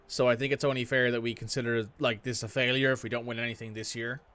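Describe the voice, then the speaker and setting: A man's voice: medium pitch, little pitch movement, fast talker, a bit bright. A man casually commenting as he plays a football management game, thinking aloud and reacting to the match. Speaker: gaming streamer. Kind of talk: casual let's-play commentary.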